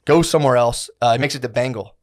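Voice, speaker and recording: A man's voice: mid-range voice, fast. A man co-hosting a podcast, telling a story in casual, rambling chat full of slang and swearing, acting out the people in it. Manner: rambling, slangy, profane, acts out quotes. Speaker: podcast co-host.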